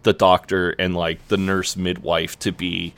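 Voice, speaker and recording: A young man telling a personal story in casual chat, relaxed and full of fillers and swearing. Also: deep voice, a little slow, creaky, clear, resonant tone. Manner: laid-back, swears often, lots of "like" fillers. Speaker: podcast co-host.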